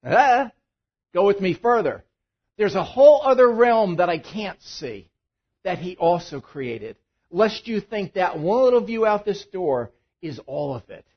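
Husky male pastor preaching animatedly. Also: sits high, a little slow, dull audio. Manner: animated, swings between loud emphatic bursts and quiet asides. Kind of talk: sermon. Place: church.

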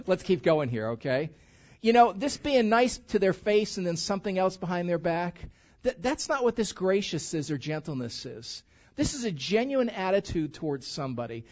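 A male pastor with a fairly high voice, preaching a sermon in a relaxed, conversational way. He leans hard into key words, building energy as he goes. The recording sounds dull and lo-fi.

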